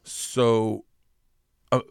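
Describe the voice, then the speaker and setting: A man's voice: mid-range voice, very slow, vocal fry, clean tone, no room sound, clean studio sound. A middle-aged man from Florida, a comedian guest who tells profane, rambling stories in a casual podcast chat. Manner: rambling, profane, animated storyteller.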